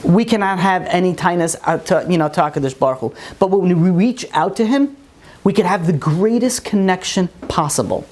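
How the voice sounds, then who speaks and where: A man, a rabbi, telling a long story in a sermon, animated and full of fillers. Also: high voice, a little fast.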